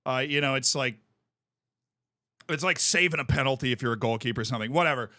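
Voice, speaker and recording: A man chatting casually on a live stream, telling stories in an animated way and laughing often. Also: mid-range voice, quick pace, no room sound, studio quality.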